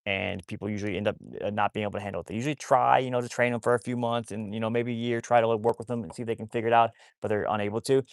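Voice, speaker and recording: Man, livestream host, gravelly, quick, rambling, dry close sound. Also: fairly low pitch, steady tone, dry recording. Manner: rambling, many restarts; talks to his dogs while chatting. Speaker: wolfdog rescue livestream host. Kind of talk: casual livestream chat.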